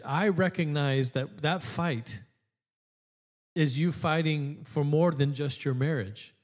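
Chatty, fairly high-voiced pastor. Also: male voice. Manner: conversational preaching with laughing asides; builds to emphatic repeated lines. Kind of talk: sermon streamed online.

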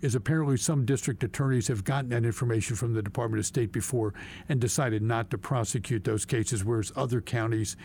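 A man of ordinary pitch walks through legislation in a policy talk. He speaks with emphasis and comes back to key words to stress them, in the manner of a state lawmaker. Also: warm tone. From Pennsylvania. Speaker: state representative. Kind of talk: policy discussion.

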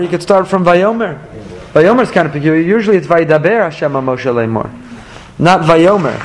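Questioning male Torah teacher, high voice. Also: slight background noise, rough recording. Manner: probing, rapid-fire rhetorical questions. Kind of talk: text study class with students.

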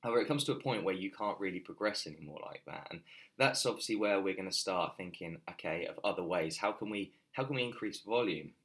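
Low-voiced man chatting casually about training. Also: lively intonation, fast talker, a bit bright. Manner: loose and conversational, many fillers and restarts. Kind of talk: casual podcast chat.

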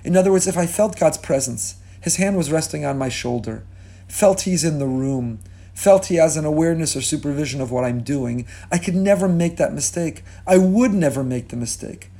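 A man's voice: on the high side, moderate pace, warm tone. A man giving a sermon as a rabbi, impassioned and rhetorical, repeating key words for emphasis and mixing Hebrew and Yiddish terms into his talk. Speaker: rabbi teaching a class.

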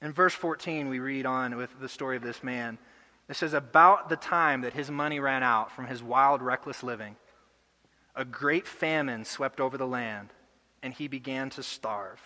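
A young adult man preaching a sermon earnestly, building to loud emotional peaks. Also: mid-range voice, moderate pace, long reverb tail. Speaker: pastor. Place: church hall.

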